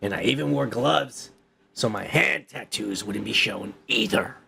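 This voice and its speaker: Gravelly, profane ranting man. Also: medium pitch, unhurried, bright, forceful tone, a little hiss or hum. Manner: crude, heated, swearing, repeats himself. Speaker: podcast host.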